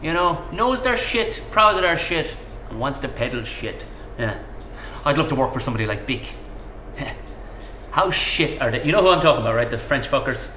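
A man's voice: medium pitch, very animated, normal speed, sharp tone, echoey room, a little hiss or hum. A man holding forth in a profane comic rant to a stranger at the pub. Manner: profane, ranting, conspiratorial. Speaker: pub regular in a comedy sketch.

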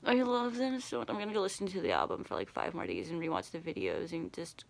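A woman's voice: lowish voice, huge pitch swings, fast, creaky. A woman vlogger talking casually to camera, gushing and rambling with lots of fillers.

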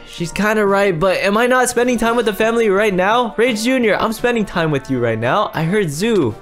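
An excitable man talks his way through a game roleplay, often repeating himself and restarting his sentences. His pitch jumps around a lot, and there is faint music playing quietly in the background. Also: moderate pace. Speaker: roleplay narrator and player. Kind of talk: casual Minecraft roleplay narration.

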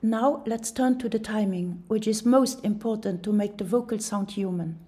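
A woman presenting a software tutorial in voice-over, explaining each step calmly. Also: mid-range voice, moderate pace. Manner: calm, step-by-step instructional.

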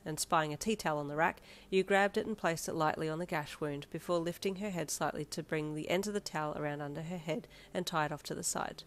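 A woman narrating a second-person fanfiction story with dramatic, expressive delivery. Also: low voice.

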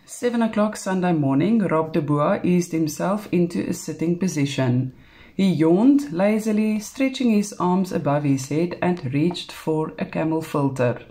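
A woman with a South African English accent, calmly reading a novel aloud, unhurried, with small slips. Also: fairly low pitch. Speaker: storybook reader.

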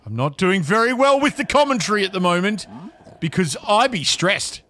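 A man's voice: high voice, expressive, moderate pace, fairly bright tone, slight background noise. A man giving casual, flustered commentary while playing a video game, chatting to the creatures on screen.

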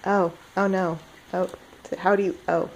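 A woman's voice: fairly low pitch, level tone, moderate pace, darkish tone, slight background noise. A young woman rambling casually in a solo video, giggling and self-deprecating.

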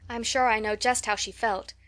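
A woman's voice: a little high, fairly even intonation, moderate pace, fairly bright tone, natural voice. A woman reading an audiobook, voicing a talkative, dreamy eleven-year-old orphan girl who gushes in a breathless, romantic way.

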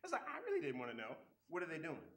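A man giving a relationship seminar talk, animated, acting out quoted people and often repeating words as he starts sentences. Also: a little high, rapid-fire, roomy sound. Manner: acts out quoted people with voice shifts. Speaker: seminar speaker.

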